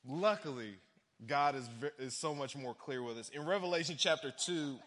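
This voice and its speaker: A young adult man preaching a sermon from a church stage, animated, acting out quotes in other voices. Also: a little high, a little fast. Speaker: pastor. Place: large church hall. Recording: long hall reverb.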